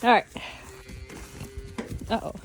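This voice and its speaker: Faint music plays behind this woman's slow speech. A young Upper Midwest American farmer vlogger, she narrates casually while handling cattle outside, a bit out of breath, and talks to the animals in a chatty, playful sing-song.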